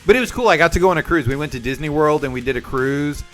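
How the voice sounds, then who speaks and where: Speaking very fast in a slightly high voice, a young livestream host chats casually with viewers while telling a story, animatedly performing the characters' voices. Music plays faintly in the background.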